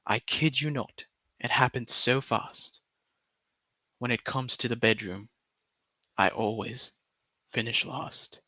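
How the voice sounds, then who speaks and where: A man's voice: mid-range voice, slow pace, pauses often, bright, forceful tone, dry recording. A man putting on a pompous English poet. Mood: mock-solemn. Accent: put-on English. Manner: grandiose, theatrical recitation. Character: mock-solemn English poet reciting verse, adult man.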